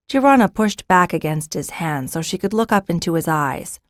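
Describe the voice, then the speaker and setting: With a voice on the low side, a woman narrates a scripted fantasy audiobook in a measured, even storytelling style. The recording is studio quality, with no room sound.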